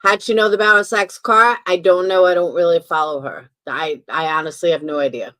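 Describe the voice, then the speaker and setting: A woman's voice: on the low side, a little fast, sharp tone. A woman hosting a commentary stream, giving emphatic, opinionated reactions in a casual way. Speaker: commentary channel host.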